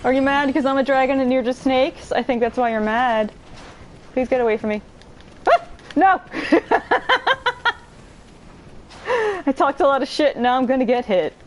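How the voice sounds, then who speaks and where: A woman giving let's play commentary, excitable and giggly, swearing freely and chatting to her viewers and to enemies on screen. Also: high voice, measured pace, long pauses, slight background noise, low-quality recording. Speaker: gamer streamer.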